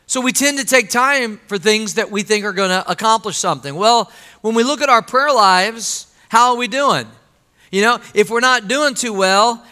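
Man preaching in a church, clear high voice with a long hall reverb; conversational, full of rhetorical questions. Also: bright, forceful tone. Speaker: pastor. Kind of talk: sermon. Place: church sanctuary.

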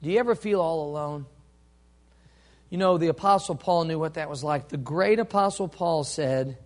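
Male pastor, high voice, sermon delivery that swings from hushed to fired up. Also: moderate pace. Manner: swings from hushed storytelling to loud impassioned preaching.

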